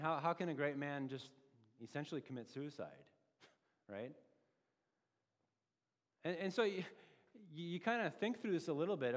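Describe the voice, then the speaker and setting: A man preaching a sermon as pastor, conversational and animated, full of rhetorical questions. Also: a little high, big-room sound.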